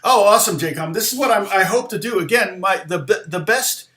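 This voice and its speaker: A man talks through a songwriting lesson in a slightly high voice, rambling and restarting his sentences. He sometimes softly sings a lyric line to show his point. The sound is roomy and echoey. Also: expressive. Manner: rambling, halting, many restarts and fillers. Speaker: guitar teacher. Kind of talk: casual livestream lesson.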